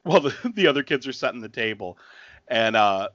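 Animated man recapping a horror movie. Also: medium pitch, fairly quick, dry recording, lo-fi sound. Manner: animated, laughing, acts out characters' lines. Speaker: podcast co-host. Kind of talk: casual movie recap chat.

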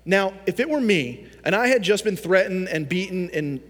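A man's voice: sits high, expressive, moderate pace, a bit bright, in a large hall. A male pastor preaching a sermon, telling stories with animation and acting out the voices he quotes.

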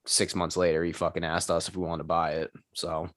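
A man's voice: deep voice, flat delivery, fairly quick, a bit bright, no echo, studio quality. A man who owns a gym, chatting casually and telling profane stories in which he acts out the people in them. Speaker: gym owner and trainer. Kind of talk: casual chat.

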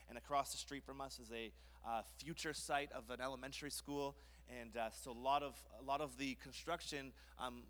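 A young man preaching a sermon in a church, telling lively family stories between scripture points. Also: mid-range voice. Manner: lively storytelling with kid impressions. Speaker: pastor. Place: church sanctuary. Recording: church hall reverb.

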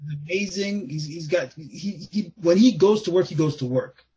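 A man with a somewhat high, very husky, raspy voice chatting as a podcast guest. He rambles in an animated way, laughs easily and restarts his sentences often. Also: normal speed, dull audio. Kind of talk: casual chat.

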